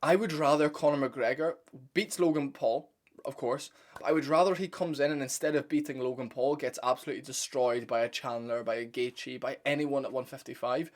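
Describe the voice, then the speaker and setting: A young man talks straight to his viewers in a casual breakdown, blunt and opinionated. His pitch sits in an ordinary middle range. He rambles and restarts his sentences, dropping the odd swear word. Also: a little fast. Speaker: MMA commentary channel host.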